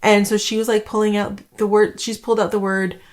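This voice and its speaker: With a medium-pitched, level voice and a brisk pace, a Canadian homeschooling vlogger in her thirties chats to camera, rambling and using plenty of filler words.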